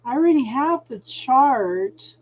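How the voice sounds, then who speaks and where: A woman's voice: high voice, expressive, slow pace. A middle-aged woman hosting a spiritual channel, chatting casually on a livestream and talking to viewers by name.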